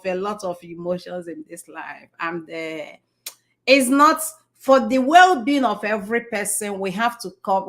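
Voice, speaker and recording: A middle-aged woman with a Nigerian accent gives a conversational motivational talk, repeating herself, restarting sentences and asking the audience questions. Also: fairly high pitch. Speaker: speaker addressing an audience.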